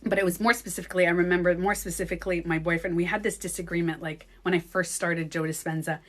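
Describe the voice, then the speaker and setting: A woman chatting casually on a livestream, animated and laughing often, acting out her own thoughts. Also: fairly low pitch, fast. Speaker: beauty coach and vlogger.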